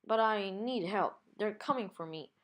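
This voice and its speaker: A brash, chatty female clown villain from a comic book, playful and rushed, as a woman reads her lines aloud. Her patter comes quick and teasing, in a plain read-aloud voice. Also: medium pitch, a bit bright, close to an everyday voice.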